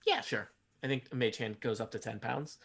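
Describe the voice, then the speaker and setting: A man with a medium-pitched voice runs a tabletop game as its game master. He describes the scene loosely, stopping often on ums and uhs. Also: fairly quick, gravelly, fairly bright tone, husky. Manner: rambling, lots of uh and um fillers. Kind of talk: narrating a tabletop game, casual.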